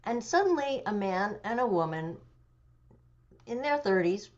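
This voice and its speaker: A woman in her seventies, an interview guest telling a personal story with animation, pauses and fillers. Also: mid-range voice, lively intonation. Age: 70s. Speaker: interview guest, memoir author. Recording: dull lo-fi audio.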